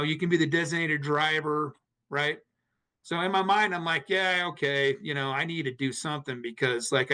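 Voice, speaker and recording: A man's voice: fairly high pitch, sharp tone. A man, a podcast guest, telling a personal story earnestly, with frequent restarts and acted-out quotes of others.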